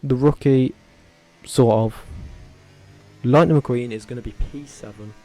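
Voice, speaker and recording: A man vlogging casually, talking in a rambling, animated way with frequent self-corrections and tangents. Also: medium pitch, unhurried, soft background music. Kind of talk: casual opinionated commentary.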